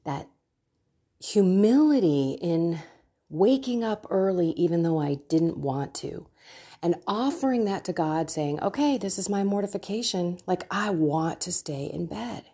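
A woman's voice: mid-range voice, expressive, measured pace, dark tone, slightly rough. A middle-aged woman hosting a devotional podcast, talking casually and earnestly about her own prayer life and urging her listeners on. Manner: earnest, personal, exhorting listeners. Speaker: podcast host and faith coach.

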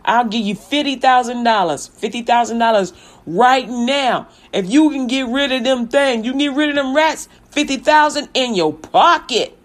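A woman voicing a greedy, scheming male mayor who talks in loud, brash street slang. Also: on the high side, moderate pace, close to an everyday voice. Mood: bargaining.

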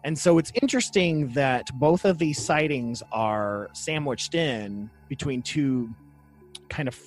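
A man's voice: mid-range voice, unhurried, soft background music. A man co-hosting a casual podcast, chatty and easygoing, reading quotes aloud and laughing easily. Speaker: podcast co-host. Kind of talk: casual chat about paranormal lore.

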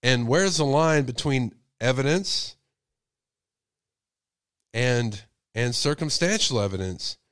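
A man's voice: medium pitch, animated, slow pace, long pauses, a bit bright, clear, resonant tone, no room sound. Guy with a cold running a call-in show, lots of rhetorical questions, dry sound. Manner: speculative, asks rhetorical questions. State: sick with a cold. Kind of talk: casual call-in show talk.

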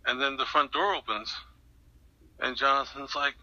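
A man's voice: medium pitch, steady tone, normal speed, sharp tone, lo-fi sound. An older man being interviewed, telling a long story in a rambling way with many restarts and fillers. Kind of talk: recounting an anecdote in an interview.

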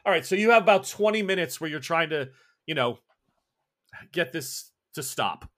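A man's voice: a little high, lively intonation, normal speed, fairly bright tone. A man narrating as game master of a tabletop horror game, describing scenes with frequent restarts.

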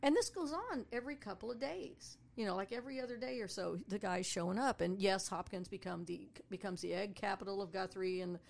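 Gravelly-voiced woman telling a story. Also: medium pitch, fairly quick, few pauses. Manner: animated, acts out voices of people in her stories. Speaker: storyteller and tour guide. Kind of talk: casual storytelling.

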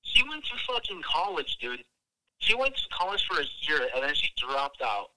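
A man's voice: a little high, big pitch swings, moderate pace, sharp tone, low-quality recording. A young man from Wisconsin telling a long, profane story in a rambling, casual way, full of filler words. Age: young adult. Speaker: podcast guest telling a story.

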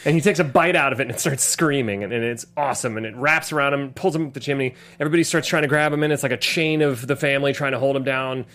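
A man's voice: mid-range voice, fast, hardly any pauses, fairly bright tone. A man hosting a podcast, rambling and swearing casually as he chats about a film. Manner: rambling, swears often, laughs a lot. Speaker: podcast host. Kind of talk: casual comedic chat about films.

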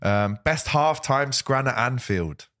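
A man's voice: mid-range voice, expressive, slow pace, fairly bright tone, dry recording, clean studio sound. A man hosting a casual live stream, chatting with a guest and reading out viewer comments in a jokey way. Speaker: host.

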